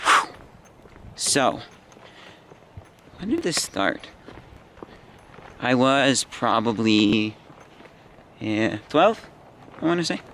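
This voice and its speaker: A man's voice: medium pitch, big pitch swings. Tired guy in his 20s rambling on, lots of restarts, faint traffic outside. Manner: halting, meandering, many restarts and fillers. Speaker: vlogger. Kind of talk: rambling personal vlog.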